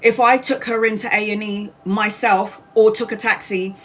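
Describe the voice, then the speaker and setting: A woman's voice: medium pitch, fairly even intonation, moderate pace, faint music behind. A woman in her forties, a tarot reader hosting a live stream, telling a story casually, swearing freely and greeting viewers by name as she talks. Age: 40s.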